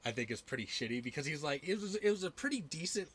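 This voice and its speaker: Bright-voiced young man chatting casually. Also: on the high side, very animated, quick pace, breathy edge. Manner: rambling and profane, lots of filler words and laughter. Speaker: podcast host. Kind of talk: casual chat.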